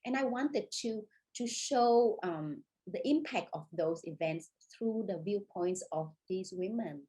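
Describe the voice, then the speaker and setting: Husky-voiced Vietnamese woman, earnest and emotional. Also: mid-range voice, animated, dark tone, low-quality recording. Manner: earnest, emotional, halting at times. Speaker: author guest. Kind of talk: conversation in an online author event.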